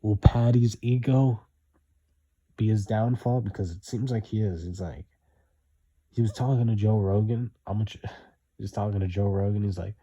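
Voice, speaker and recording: A man's voice: lowish voice, moderate pace, pauses often, warm tone, husky, dull audio. A young man giving blunt, repetitive opinion commentary, hammering his points home.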